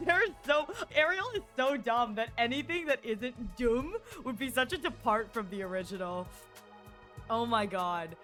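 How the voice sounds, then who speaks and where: A woman streamer chatting casually over her gameplay, giggly and animated, often slipping into silly voices. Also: a little high, measured pace, soft background music.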